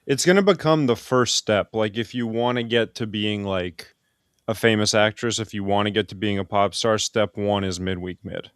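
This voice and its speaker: Blunt low-voiced man, dry mic. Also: normal speed, smooth, dry recording. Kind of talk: casual podcast chat.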